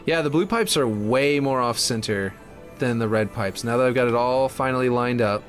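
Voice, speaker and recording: A man's voice: mid-range voice, normal speed, faint music behind. A man chatting casually and thinking aloud while he builds a game map, muttering when puzzled. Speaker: map builder streaming his work.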